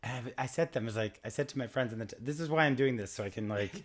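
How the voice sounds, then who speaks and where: A man hosting a podcast, chatting in a rambling, animated, gossipy way. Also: mid-range voice, racing, reverberant. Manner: rambling, animated, full of impressions. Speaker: podcast host. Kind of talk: gossipy casual chat.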